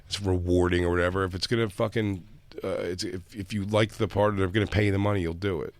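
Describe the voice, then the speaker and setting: A man's voice: sits low, quick pace, dry recording. A man co-hosting a loose comedy talk show, joking around and jumping into silly voices. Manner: loud, animated, slips into silly voices for bits. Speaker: co-host. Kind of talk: casual comedic chat.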